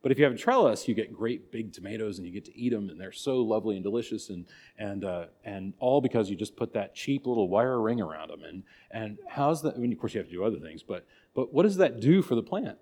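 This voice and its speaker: Folksy low-voiced man teaching a church class. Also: expressive, fast, warm tone. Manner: folksy, conversational, with many restarts and acted asides. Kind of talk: casual catechism class talk.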